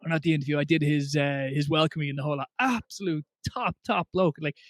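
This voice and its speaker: Fast-talking Irish man, dry close mic. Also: fairly high pitch, no echo. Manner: fast, animated storyteller, self-deprecating. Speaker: podcast host. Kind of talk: casual chat.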